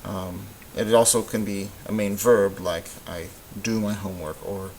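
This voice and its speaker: A man teaching a recorded Spanish grammar lesson, explaining in a relaxed way with lots of ums and uhs. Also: on the low side, moderate pace, low-quality recording. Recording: faint hiss.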